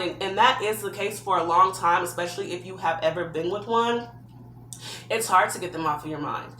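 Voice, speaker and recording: A woman's voice: on the low side, sharp tone, echoey room, slight background noise. A woman giving earnest, heartfelt advice from her own experience in a personal vlog. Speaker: vlogger.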